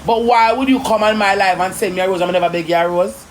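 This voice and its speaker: A woman with a Jamaican accent, ranting indignantly in rapid patois on a live stream. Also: mid-range voice, slight background noise. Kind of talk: heated live-stream rant.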